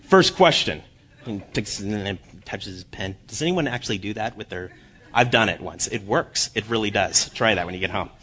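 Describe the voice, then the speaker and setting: A man giving a sermon as guest preacher, joking at his own expense with halting restarts. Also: fairly low pitch, pushed and bright, slightly rough. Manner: self-deprecating humor, halting restarts. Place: church.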